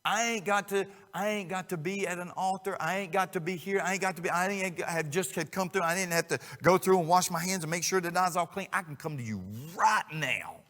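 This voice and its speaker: A man preaching a sermon as a guest speaker, folksy and conversational, dropping to a hush and rising loud as he acts out quotes. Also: sits high, brisk, few pauses. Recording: long reverb of a church sanctuary.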